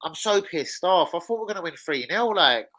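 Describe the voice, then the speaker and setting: A young man hosting a live football watch-along, swearing heavily and bursting into shouts of frustration. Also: high voice, animated, brisk. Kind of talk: casual live football reaction.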